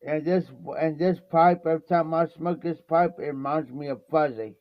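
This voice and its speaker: At a moderate pace and in a steady, slightly high voice, an Ohio man meanders through a story on his livestream, leaning heavily on "I said" and "he says." The dry recording carries dull, lo-fi stream audio.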